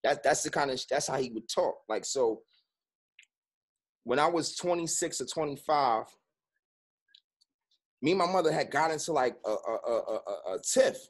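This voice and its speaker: A man's voice: mid-range voice, animated, moderate pace, pauses often. A man, a guest speaking candidly and profanely in an interview, with constant "you know what I'm saying".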